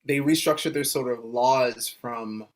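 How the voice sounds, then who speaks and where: A man co-hosting a podcast in casual chat, halting and hesitant, often pausing with "um" and restarting sentences. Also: mid-range voice. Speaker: podcast co-host.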